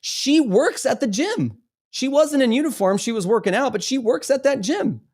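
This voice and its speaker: A man's voice: extremely high pitch, lively intonation, moderate pace, a little mellow, husky. A man hosting a live stream, talking emphatically and stumbling over repeated words. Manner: emphatic, stammering repetitions. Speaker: livestream host. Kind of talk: impassioned live commentary.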